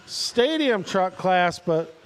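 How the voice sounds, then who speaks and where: A man's voice: high-pitched, very animated, slow pace, long reverb tail, slight background noise. A man announcing a radio-control car race live, calling positions and chatting casually with the drivers by name.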